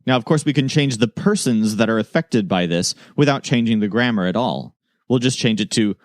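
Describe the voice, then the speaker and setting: A man's voice: lowish voice, animated, no echo. Dry, close-miked man teaching a lesson. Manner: measured, slows down to model example phrases. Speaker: language teacher. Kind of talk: scripted lesson narration.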